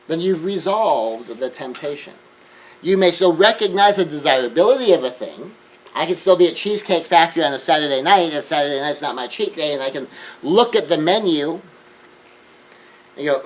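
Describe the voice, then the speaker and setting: A man giving an earnest self-help lecture, shifting between hushed remarks and emphatic raised lines. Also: fairly high pitch, expressive, normal speed, low-quality recording. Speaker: speaker.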